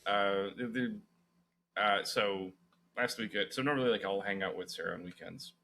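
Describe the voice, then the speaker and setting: A man's voice: on the low side, normal speed, gravelly, bright, forceful tone, a little hiss or hum. A young man co-hosting a podcast, chatting casually, rambling with lots of fillers and swearing. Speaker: podcast co-host. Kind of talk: casual chat.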